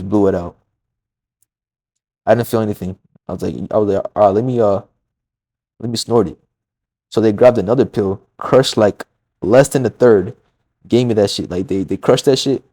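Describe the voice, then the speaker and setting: A man's voice: lowish voice, warm tone. A man casually retelling a personal story, rambling and profane, acting out quoted dialogue.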